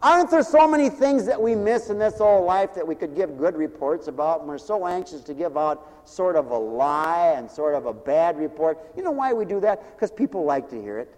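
A man preaching a sermon in a church, swinging from loud to hushed. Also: on the high side, expressive, normal speed, few pauses, in a large hall. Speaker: pastor.

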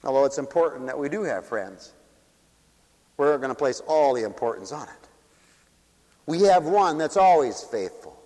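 A man preaching a sermon, asking rhetorical questions and swinging between forceful peaks and hushed low drops. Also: lively intonation, moderate pace, pauses often, big-room sound, poor audio. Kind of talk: sermon to a congregation, also broadcast on radio.

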